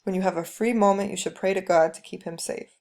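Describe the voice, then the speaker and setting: A woman's voice: medium pitch, steady tone, fast talker, a little mellow, lightly acted. A woman doing a stern, lecturing mother. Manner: firm, lecturing. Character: stern, traditional mother scolding and advising.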